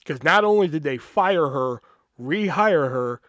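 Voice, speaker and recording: A man hosting a podcast, telling a story in a casual, animated, profane way and acting out the quoted voices. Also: on the high side, unhurried, no echo. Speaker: podcast host.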